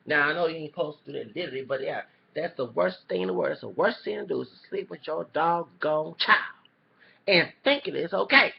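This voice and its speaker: A man's voice: on the high side, lively intonation, brisk, creaky. A man giving a heated reaction rant as a YouTuber, cussing and repeating himself, then apologizing for his swearing. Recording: dull lo-fi recording.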